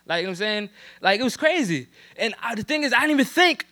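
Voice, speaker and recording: Young man from New Jersey, high bright voice, loose slangy testimony full of fillers. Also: big pitch swings, fast. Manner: casual street slang, many fillers like "you know what I'm saying". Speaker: church youth member giving testimony. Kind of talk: personal testimony.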